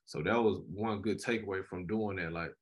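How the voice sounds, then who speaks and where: A man's voice: low-pitched, normal speed. A young man, a graduate student, co-hosting a casual podcast chat and telling stories animatedly. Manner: animated storyteller, frequent "you know what I'm saying".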